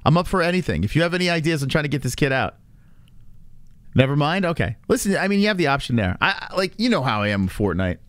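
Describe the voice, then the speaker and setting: A man's voice: fairly high pitch, big pitch swings, quick pace, no echo. A man in his thirties hosting a casual livestream chat, rambling with fillers and restarts and swearing freely. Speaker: streamer host.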